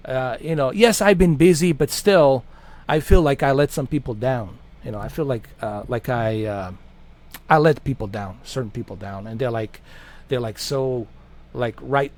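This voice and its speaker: A man hosting a gaming channel, chatting in a casual, rambling way and swearing freely. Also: medium pitch.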